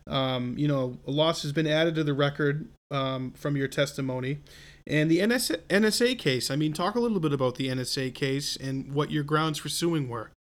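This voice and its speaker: A man hosting an interview, asking measured, encouraging questions. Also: fairly high pitch. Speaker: interviewer, host.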